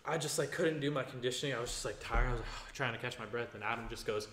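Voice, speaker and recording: A man hosting a casual podcast, with a middle-pitched voice and a rambling, excitable way of talking full of fillers. He sounds like he is in an echoey room. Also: fast talker, a little hiss or hum. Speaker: podcast host. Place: gym.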